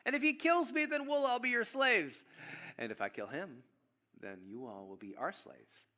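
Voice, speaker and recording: A man's voice: sits high, normal speed, pushed and bright, voice pushed up. A man doing a boastful, mocking giant warrior. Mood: taunting. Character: boastful giant male warrior taunting enemies.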